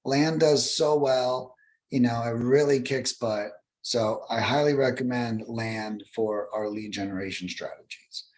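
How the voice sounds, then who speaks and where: A young adult man speaking casually as a podcast guest, animated and profane, acting out callers in high voices. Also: measured pace, slight background noise. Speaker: guest, cold calling expert.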